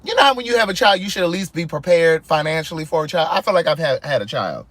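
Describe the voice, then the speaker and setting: A man telling a story in casual vlog style from his car, animated and exasperated, acting out both sides of his phone calls. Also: a little high, fast, no echo. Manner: sassy, exasperated. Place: inside a car.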